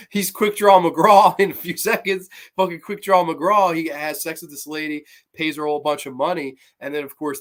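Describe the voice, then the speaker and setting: A man hosting a casual live-streamed horror movie review, excitable and profane, with lots of fillers. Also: on the high side.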